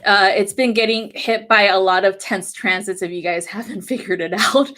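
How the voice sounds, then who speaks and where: A woman with a medium-pitched voice speaks at a normal speed, giving a casual weekly astrology forecast. As an astrology and tarot reader, she's animated and talks bluntly and directly to her viewers, swearing a lot and laughing often.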